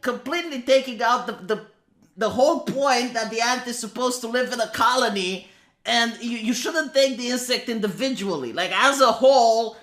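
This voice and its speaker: A man's voice: very high voice, sharp tone. A man reviewing an anime episode in casual commentary, sarcastic and profane, ranting with rhetorical questions. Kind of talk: casual commentary over clips.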